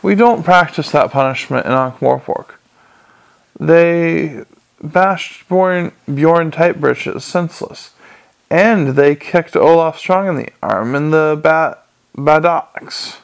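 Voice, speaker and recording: A man's voice: on the high side, slow pace, vocal fry, clear, resonant tone, rough recording. A man doing a courteous, patient young watch captain. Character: earnest polite young male watch captain.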